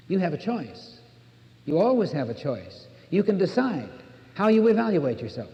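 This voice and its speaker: A man's voice: high-pitched, sing-song, normal speed. An older American man giving an earnest sermon as a minister, repeating words for emphasis. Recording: dull old cassette recording in a reverberant hall.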